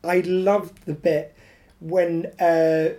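Irish woman co-host, low mellow voice. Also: little pitch movement, drawn-out words. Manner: chatty, laughs often, hesitant restarts. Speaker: podcast co-host. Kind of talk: casual chat.

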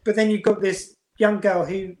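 A woman co-hosting a podcast, chatting about a TV episode with quick asides and rhetorical questions. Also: mid-range voice, steady tone, a little mellow. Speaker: podcast co-host. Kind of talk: casual chat reviewing a TV episode.

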